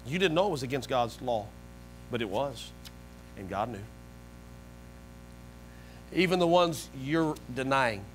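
A man preaching a sermon as pastor, animated, swinging between soft low asides and loud high-pitched bursts. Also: slight background noise, low-quality recording. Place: church sanctuary.

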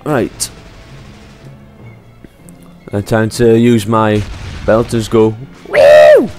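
A man casually commentating his gameplay on a headset mic, chatty and quick to exclaim. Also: fairly low pitch, little pitch movement, a little mellow, soft background music. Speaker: let's play gamer.

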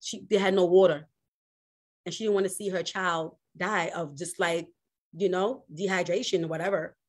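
A woman pastor preaching a sermon, animated, swinging from loud exclamations to hushed, slow emphasis. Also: on the low side.

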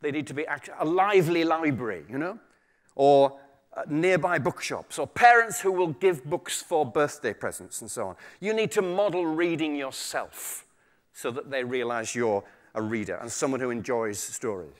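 A man's voice: fairly high pitch, lively intonation, moderate pace. A man who is a storyteller, speaking to teachers in a chatty, joking, self-deprecating way. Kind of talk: humorous talk to an audience.

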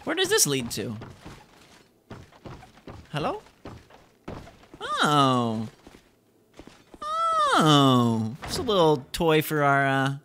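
A man giving excitable, joking commentary while playing a game, yelling at enemies. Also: medium pitch, slight background noise. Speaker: let's play gamer. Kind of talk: live gameplay commentary. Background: game music.

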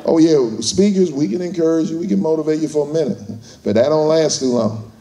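High-voiced man preaching hard. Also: brisk, mellow. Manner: preacherly call-and-response, acts out voices. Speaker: motivational speaker. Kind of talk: motivational speech to a live audience.

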